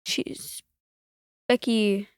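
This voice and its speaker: On a podcast, a female guest chats casually, rambling through a story with plenty of filler words. She talks very slowly, and the recording is clean, studio-grade, with no echo.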